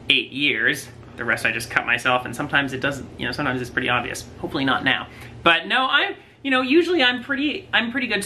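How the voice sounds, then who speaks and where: A young adult man telling stories at length in a casual couple's quiz chat, full of drawn-out asides. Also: mid-range voice, sharp tone, slight background noise, low-quality recording. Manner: rambling storyteller, drawn-out asides. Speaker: husband co-host.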